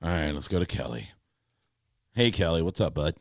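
A man in his forties hosting a talk show, his pitch bouncing around as he tells a story. The sound is dry and a little dull, with no room around it. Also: moderate pace, no echo. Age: 40s. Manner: animated storytelling, frequent fillers, laughs. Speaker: radio show host. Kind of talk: casual talk radio banter.

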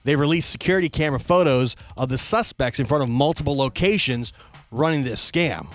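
A man's voice: on the high side, a little fast, fairly bright tone. A man hosting a radio show, chatting casually with co-hosts in a studio and teasing them. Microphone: studio microphone.

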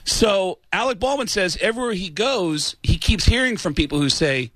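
A man's voice: high voice, normal speed, few pauses, no echo. A middle-aged male comedian telling stories casually into a studio mic, full of voices. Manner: animated, does many voices. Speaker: comedian guest. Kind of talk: casual storytelling.

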